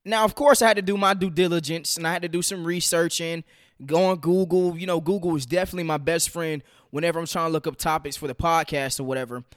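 A man's voice: a little high, fairly even intonation, quick pace, no room sound, clean studio sound. A young man from the United States hosting a casual solo podcast from his home kitchen, chatty and full of "man" and "you know". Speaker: podcast host.

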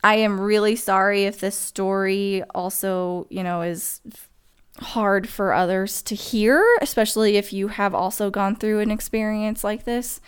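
A woman's voice: medium pitch, flat delivery, smooth. Emotional woman retelling a hard experience. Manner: emotional, halting, many restarts and fillers. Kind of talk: personal storytelling to camera.

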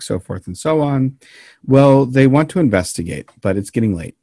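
A man co-hosting a podcast, telling an odd story in a casual, meandering way with deadpan jokes. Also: mid-range voice, normal speed, dry recording, clean studio sound. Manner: deadpan joking, meandering with frequent ums.

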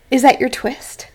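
A woman co-hosting a casual true-crime podcast, reacting with playful jokes and banter. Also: a little high. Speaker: podcast co-host.

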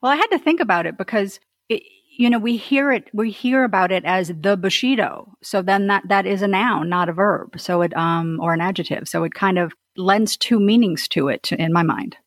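A woman's voice: mid-range voice, normal speed, hardly any pauses, no room sound. A woman who teaches karate, explaining her thoughts step by step in a casual group discussion. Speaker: karate instructor, panelist.

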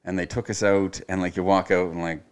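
A man's voice: sits low, level tone, brisk, clean tone. A man from Nova Scotia, a chef guesting on a podcast, telling a story in a loose, rambling way, full of fillers and swearing. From Nova Scotia, Canada. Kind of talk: casual storytelling chat.

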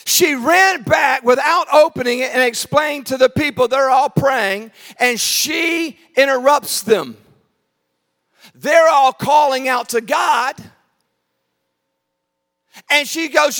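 A man preaching a sermon, telling the story with animated acted-out voices, swinging from shouts to quiet asides. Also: slow, vocal fry, long reverb tail. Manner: animated storytelling, acting out voices, shouting then dropping low. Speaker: pastor.

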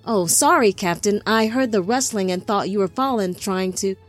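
A woman's voice: mid-range voice, moderate pace, faint music behind, close to an everyday voice. Woman doing a nervous young spirit soldier. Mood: pleading. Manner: hesitant and pleading. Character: young male spirit lieutenant, nervous and earnest.

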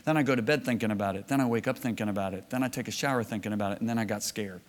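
A man's voice: mid-range voice, rapid-fire. A middle-aged man delivers a storytelling sermon in a hall, and his voice rings with a long echo off the walls. He sits in a middle range and acts out his own lines for the crowd. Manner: storytelling, animated, with laughs and acted-out quotes. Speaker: preacher. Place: church or conference hall. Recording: reverberant hall.

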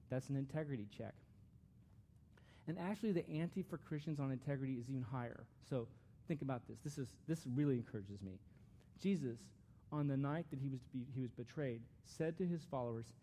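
A man's voice: medium pitch, fairly quick, warm tone, a little hiss or hum. A man giving a conversational, earnest sermon as a pastor, with frequent restarts.

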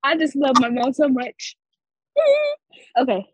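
A woman's voice: high voice, fairly even intonation, measured pace, a bit bright, slightly rough, dry recording, poor audio. A teenage girl with braces co-hosting a student podcast, upbeat and earnest. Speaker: podcast co-host. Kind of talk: casual chat.

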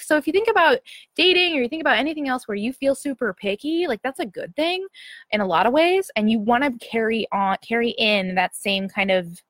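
A woman's voice: medium pitch, a bit bright, no echo. A young adult woman hosting a casual livestream, speaking in a chatty way with many fillers and frequent "right?" checks to her viewers. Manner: chatty, filler-heavy, often asks "right?". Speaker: livestream host answering viewers. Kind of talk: casual motivational chat.

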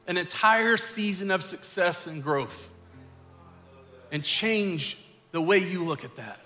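A middle-aged man preaches from a church stage, telling a family story in an earnest tone that swells into emphatic urging. His voice sits a little high and rings bright. Long church reverb with faint music underneath. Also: animated, slow, long pauses. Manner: earnest, rising to emphatic exhortation. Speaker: pastor. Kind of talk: sermon storytelling. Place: church sanctuary.

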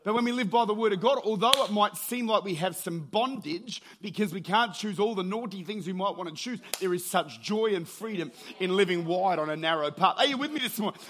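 A man preaching a sermon as pastor, with lively storytelling that builds to shouted calls and then drops low and quiet.

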